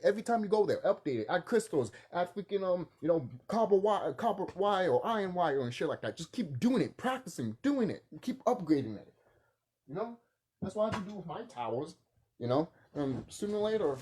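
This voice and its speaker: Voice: mid-range voice, a little mellow, husky. A young adult vlogger talking casually to camera in a profane, rambling rant full of fillers.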